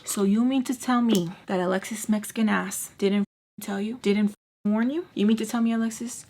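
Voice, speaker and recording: A woman voicing a furious female boss who yells at her staff, demanding and accusing. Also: mid-range voice, fairly even intonation, normal speed, natural voice. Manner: yelling, demanding.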